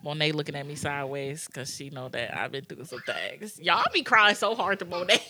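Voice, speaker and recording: Young female co-host, low-ish and bright, frank and reflective. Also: lively intonation, moderate pace, a little hiss or hum. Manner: reflective, frank, laughing asides. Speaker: podcast co-host. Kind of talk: casual podcast chat.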